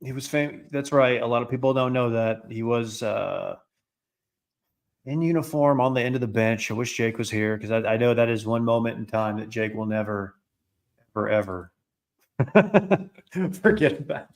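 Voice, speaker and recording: Casting note: Worcester-accented male co-host, playful and teasing, mid pitch. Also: expressive, moderate pace. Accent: Worcester, Massachusetts. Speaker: podcast co-host. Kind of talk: casual sports chat.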